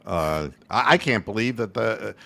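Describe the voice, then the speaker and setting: A man's voice: on the low side, expressive, normal speed, gravelly, fairly bright tone. A man co-hosting a postgame sports show, rambling and joking crudely about his team's loss. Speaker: co-host. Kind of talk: casual sports banter.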